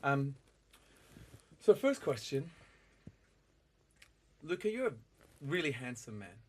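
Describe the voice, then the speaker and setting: A young man hosting a casual chat, asking joking questions with a dry, deadpan delivery. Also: mid-range voice, takes it slowly. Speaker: host.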